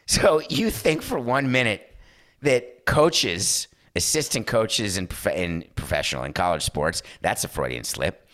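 Sports talk host, man in his 50s, slightly low voice, sarcastic and animated. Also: a little slow. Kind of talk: opinionated sports talk monologue.

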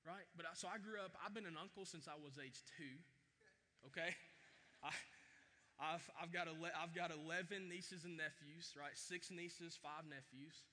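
A man's voice: on the high side, fairly even intonation, normal speed, sharp tone. A man from Tennessee, telling his own life story as a speaker. He talks earnestly and keeps checking in with his listeners. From Tennessee, USA. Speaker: speaker and author. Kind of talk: personal storytelling talk. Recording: echoey hall with long reverb.

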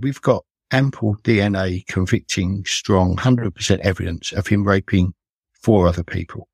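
An older man with a husky, low-pitched voice tells of past investigations as a podcast guest. He speaks in an earnest, measured and reflective way. The sound is dry, with no room echo. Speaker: retired police detective, podcast guest. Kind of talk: recounting cases in conversation.

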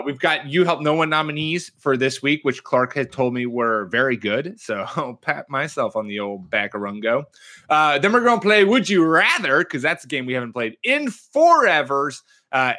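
A man's voice: mid-range voice, pushed and bright. A man hosting a sports podcast in casual, joking chat, rambling with a few fillers. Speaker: podcast host.

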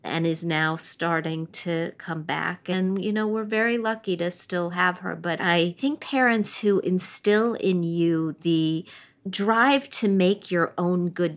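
Low-voiced woman hosting an interview. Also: a bit bright. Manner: measured, conversational questioning. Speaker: podcast host. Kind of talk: interview conversation.

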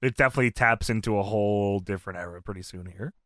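A man co-hosting a podcast, retelling events in an animated, profane way and laughing often. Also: lowish voice, fast, dry recording, clean studio sound. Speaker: podcast co-host. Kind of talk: casual chat recapping wrestling.

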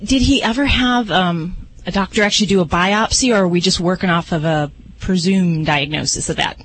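Radio vet guy, talks it through slow and careful, lots of ums. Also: high-pitched, a bit bright, slight background noise, poor audio. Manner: methodical, many fillers. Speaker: veterinarian co-host. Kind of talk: explaining advice to a caller.

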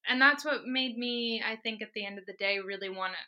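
A young adult woman talking as a podcast guest, telling her story in a lively, laughing way. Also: a little high, brisk, lo-fi sound. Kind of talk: casual interview chat.

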